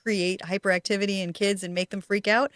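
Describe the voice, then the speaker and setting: A woman's voice: medium pitch, fairly even intonation, brisk, a bit bright, no echo. Chatty laughing woman, dry sound. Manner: chatty, laughs often, hedges with "like". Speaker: podcast co-host. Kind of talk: casual chat.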